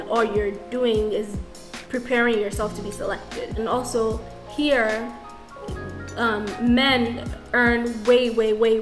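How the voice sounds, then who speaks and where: A young woman from the diaspora talking straight to camera in a reflective vlog, frank and self-questioning, restarting her sentences as she thinks aloud. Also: medium pitch. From Nigerian diaspora. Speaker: vlogger. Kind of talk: reflective casual vlog monologue. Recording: echoey room with faint music.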